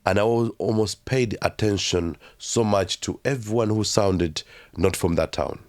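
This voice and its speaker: A man from Uganda telling his life story as an interview guest, speaking haltingly with many fillers and restarts. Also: fairly low pitch.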